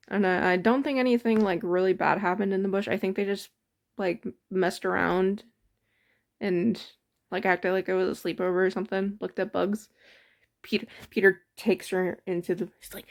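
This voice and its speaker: A woman's voice: mid-range voice, moderate pace. A woman casually recounting a tabletop game session in a rambling, giggly way. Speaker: storyteller.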